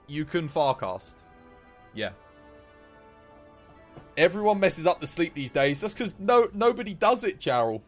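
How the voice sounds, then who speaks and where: A man's voice: on the high side, measured pace, long pauses, soft background music. A young man chatting and laughing while live streaming a video game. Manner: animated, chatty, laughs often. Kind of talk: live gameplay streaming chat.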